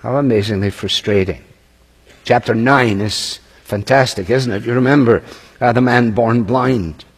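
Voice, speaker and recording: A man's voice: medium pitch, a little slow, slightly rough. A man preaching a sermon, reading scripture aloud and commenting on it in a conversational way. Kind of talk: sermon, expository Bible teaching. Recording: long reverb of a large hall.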